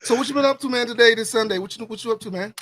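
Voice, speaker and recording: A man's voice: very high-pitched, rapid-fire, a bit bright. A man hosting a casual livestream chat, laid-back and repeating his phrases. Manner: laid-back, repeats phrases, says "you know what I'm saying". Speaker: livestream host.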